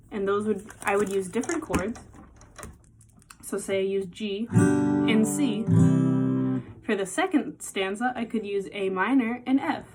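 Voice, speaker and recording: A woman giving a casual songwriting lesson, patiently explaining and counting beats aloud, with guitar playing behind her. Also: medium pitch. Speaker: music teacher.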